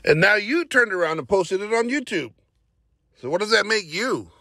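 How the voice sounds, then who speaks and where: A man's voice: sits high, lively intonation, moderate pace, sharp tone. A man hosting a commentary show, making wisecracking, sarcastic voice-over remarks.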